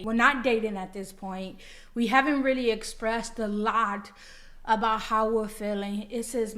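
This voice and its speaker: Excited woman with a somewhat high voice. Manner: animated, excited, acts out her own reactions. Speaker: wife telling how the couple met. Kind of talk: casual storytelling.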